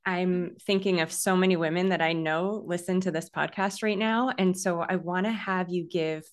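A woman's voice: on the low side, steady tone, moderate pace. A woman hosting a podcast, asking her guest questions and echoing her words back. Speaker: podcast host. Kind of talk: conversational interview.

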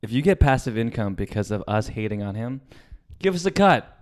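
A man co-hosting a casual comedy podcast, animated and mocking, laughing often. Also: lowish voice, a little fast. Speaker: podcast co-host.

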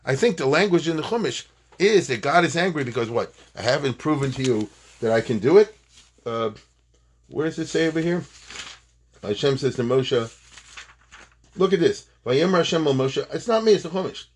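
A man giving an informal Torah class, animated and digressive, mixing in Hebrew phrases and retelling war stories. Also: a little high, normal speed, long pauses, husky. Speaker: Torah teacher.

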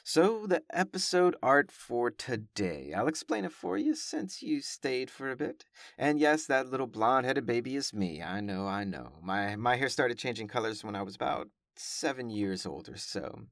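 A man's voice: mid-range voice, expressive, normal speed, vocal fry, hardly any pauses, a bit bright, no room sound, studio quality. A man who is a professor and podcaster talks casually to listeners, carefully over-enunciating his words and often correcting himself. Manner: chatty, self-correcting, with frequent fillers. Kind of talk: casual monologue.

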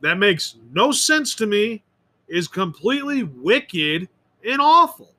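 Rambling, opinionated man with a high, bright voice. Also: big pitch swings, slow pace. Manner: rambling, opinionated, repeats and restarts words. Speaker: podcast host. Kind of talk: rambling solo monologue.

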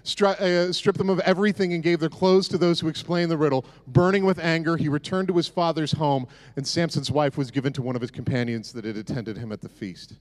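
A man's voice: a little high, brisk, few pauses. A man preaching a casual, conversational sermon with sarcastic, joking asides. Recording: echoey hall reverb.

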